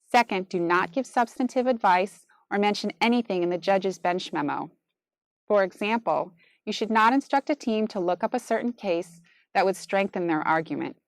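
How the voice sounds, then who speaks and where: Measured woman narrating judge instructions. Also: medium pitch, no echo. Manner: measured, procedural, formal.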